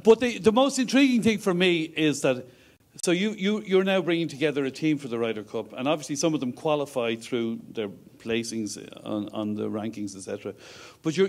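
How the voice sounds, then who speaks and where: A man interviews a guest on stage at a conference. He probes with his questions and keeps the tone jokey, speaking at a middling pitch. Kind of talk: onstage interview.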